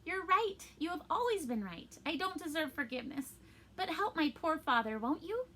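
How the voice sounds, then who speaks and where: A woman's voice: very high voice, sing-song, moderate pace, fairly bright tone, pitched above the performer's own voice, exaggerated voice. A woman voicing an eager young wooden puppet boy who speaks earnestly in a storybook reading. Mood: remorseful. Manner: earnest, pleading.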